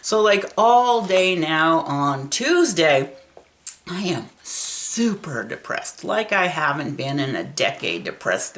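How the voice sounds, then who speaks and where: A woman's voice: sits low, sing-song, takes it slowly, a bit bright. A woman in her sixties telling a personal story in a chatty vlog, laughing often as she talks. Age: 60s. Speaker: vlogger.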